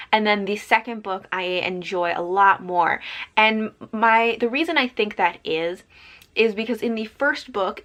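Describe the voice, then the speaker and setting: A woman's voice: medium pitch, fairly bright tone. A young woman giving a casual spoken book review as host of her channel, chatty and loose with fillers.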